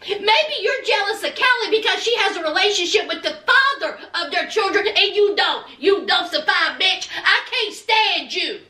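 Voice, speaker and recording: Brief: sassy woman recapper, high bright voice, lively swings in pitch. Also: normal speed, roomy sound, recorded from a distance. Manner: sassy, dramatic, scolding with slang. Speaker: TV recap vlogger. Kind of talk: reality TV recap commentary.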